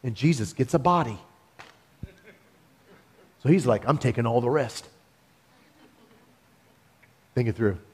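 A man preaching a sermon, talking in an animated, conversational storytelling way with laughs. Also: medium pitch.

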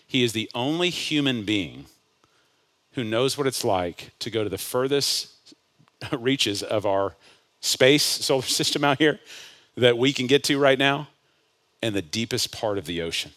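A male pastor preaching a sermon, climbing to loud impassioned peaks and dropping to hushed lines. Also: medium pitch, expressive, a little slow. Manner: builds to loud impassioned peaks, then drops to hushed asides.

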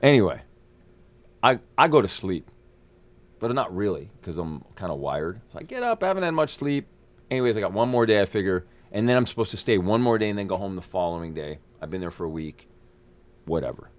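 A male actor, a guest on an interview show, telling a long anecdote in a profane, animated way. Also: sits low, fairly quick, no echo.

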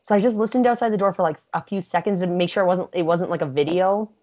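A woman in her thirties chatting casually on a podcast, animated and telling stories, acting out what people said. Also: fairly low pitch, quick pace. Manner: animated storyteller, acts out quotes. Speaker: podcast guest. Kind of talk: casual chat. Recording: dull lo-fi sound.

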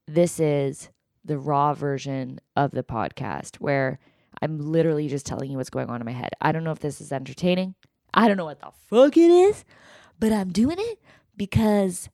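A woman's voice: low voice, vocal fry, a little mellow, no echo, clean studio sound. A woman hosting her podcast, ranting in an emotional, exasperated way and swearing as she retells a fight. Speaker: podcast host. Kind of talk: solo podcast rant.

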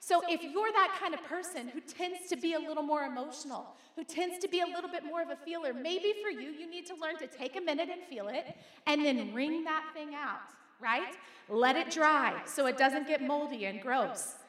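A middle-aged woman pastor preaching a lively sermon to her congregation and calling on them to repeat her words. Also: high voice, normal speed. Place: church sanctuary. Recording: echoey hall.

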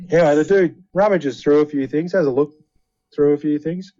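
A man's voice: a little high, fairly quick, warm tone, dry recording, muffled recording. A man telling a story in casual banter, swearing heavily. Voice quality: heavy swearing, laid-back.

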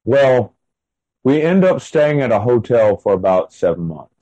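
A man's voice: medium pitch, very animated, unhurried, warm tone, no room sound, dull audio. A man in his thirties telling his own story in an interview, rambling and full of fillers. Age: 30s. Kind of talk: casual first-person storytelling.

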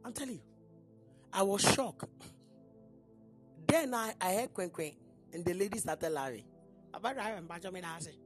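Animated woman preaching. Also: medium pitch, moderate pace, pauses often, faint music behind. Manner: emphatic, repeats questions to the congregation. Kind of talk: sermon. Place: church.

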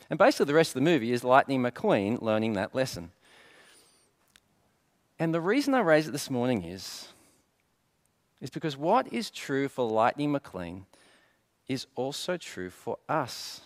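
Middle-aged man, pastor giving a sermon; expressive, rising and falling voice, light humour, fond of rhetorical questions. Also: medium pitch, moderate pace, long pauses. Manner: asks rhetorical questions and answers them; light storytelling with gentle humour.

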